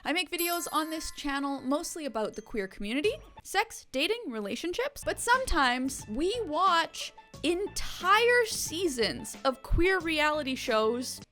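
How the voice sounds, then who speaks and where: A woman with a high, bright-pitched voice talks casually to her viewers as she watches a reality show. She is chatty and playful, teasing the cast in a friendly way, with soft music under her voice. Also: big pitch swings, a little slow. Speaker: YouTuber reacting to a reality show. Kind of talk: casual reaction commentary.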